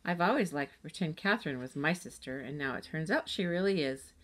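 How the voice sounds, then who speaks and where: A cheerful, playful young girl from a children's storybook, voiced lightly by a woman reading aloud. She speaks eagerly and likes to joke, in a slightly low voice. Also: animated, brisk, a bit bright.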